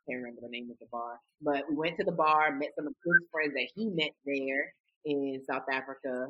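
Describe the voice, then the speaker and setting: Husky-voiced woman podcast guest. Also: very deep voice, a little fast, highs cut off. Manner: relaxed, laughing chatter. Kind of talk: casual storytelling.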